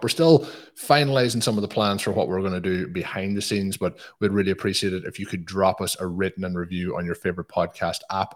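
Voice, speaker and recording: Chatty male podcast host. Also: sits low. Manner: chatty, plugging with many fillers. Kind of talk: casual podcast chat.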